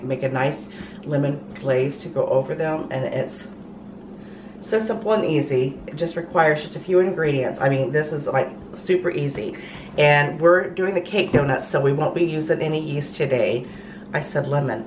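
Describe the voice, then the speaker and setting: Low-voiced lady chatting thru a recipe w lots of ums, echoey kitchen, mic kinda far, noisy. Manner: chatty, many ums and restarts. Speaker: cooking show host. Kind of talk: casual cooking demonstration. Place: home kitchen.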